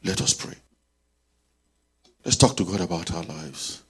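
A man preaching a sermon, telling a story and leading prayer, swinging between loud and soft. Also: deep voice, expressive, a little slow, husky.

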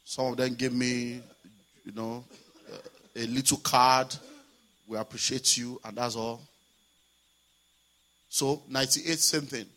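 A man with a Nigerian accent, a pastor preaching a sermon and telling a story, swinging from hushed to loud. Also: medium pitch, slow pace, long pauses. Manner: animated, swings from hushed to shouting.

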